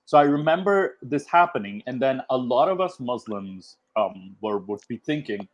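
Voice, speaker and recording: A man's voice: mid-range voice, lively intonation, moderate pace, hardly any pauses, lo-fi sound. A man guest in a casual discussion, speaking in a reflective way as he recalls past events. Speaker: podcast guest.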